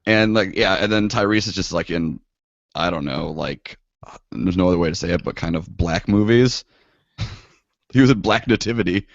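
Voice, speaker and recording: A man's voice: sits low, gravelly, no room sound. A young man co-hosting a podcast, talking in a laid-back casual way with lots of fillers. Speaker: podcast co-host. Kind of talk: casual chat. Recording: dull lo-fi dry sound.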